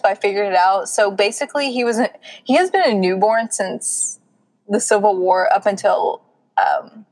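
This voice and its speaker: A young woman with a Southern US accent in a relaxed co-hosted conversation. She talks easily and recaps scenes by acting out quotes in passing. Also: medium pitch, low-quality recording. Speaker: podcast co-host. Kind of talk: casual chat.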